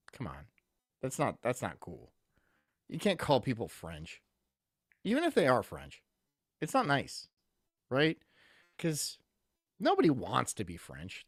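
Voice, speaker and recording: A man's voice: medium pitch, wildly swooping pitch, slow pace, pauses often, no echo, studio quality. A man streaming casually, reading chat aloud and rambling through jokey asides.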